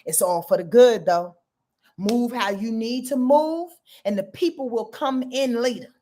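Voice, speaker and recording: A woman with a fairly high voice and delivers a casual astrology forecast. She talks straight to her viewers with lively emphasis and frequent swearing. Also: a little slow. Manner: animated, emphatic, profane, talks to viewers directly.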